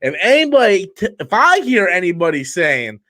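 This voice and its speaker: A tired man with a fairly high voice rants on his live stream in a blunt, profane way. He talks loosely and rambles, dropping casual swears as he goes. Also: very animated, moderate pace, fairly bright tone, no echo.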